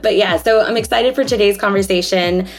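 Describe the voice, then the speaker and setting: A woman's voice: medium pitch, fairly quick. A young woman co-hosting a podcast from home, a little under the weather, chatting in an upbeat way and laughing easily. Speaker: podcast co-host. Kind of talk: casual chat. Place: at home, recording remotely.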